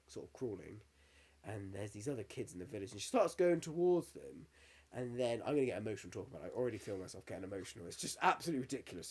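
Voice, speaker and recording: A man's voice: on the low side, warm tone, breathy edge. A man in his thirties, co-hosting a podcast in casual chat, candid and sweary, getting emotional as he tells stories. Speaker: podcast co-host.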